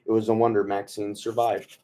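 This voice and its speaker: A man reading a novel aloud to his book club in a relaxed way, stumbling over words, rereading lines and tossing in joking asides. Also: lowish voice, fairly quick. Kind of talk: casual read-aloud of a novel.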